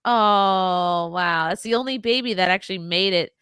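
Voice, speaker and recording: A woman's voice: mid-range voice, moderate pace, fairly bright tone, smooth, no echo, studio quality. A woman hosting a casual chat show, laughing often and swearing freely. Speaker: podcast host.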